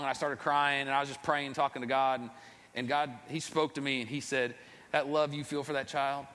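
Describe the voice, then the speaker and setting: Fast-talking bright-voiced man in a hall. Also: on the high side. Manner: earnest, rambling, self-deprecating. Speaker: father telling his faith testimony. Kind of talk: personal storytelling. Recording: long reverb, echoey hall.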